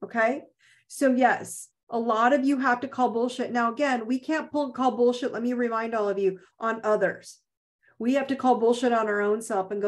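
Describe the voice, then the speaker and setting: A woman's voice: fairly high pitch, normal speed. Emphatic woman coaching a video-call group. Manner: emphatic, repeats phrases, blunt and casual. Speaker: host of an online self-help group. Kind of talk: live motivational coaching talk.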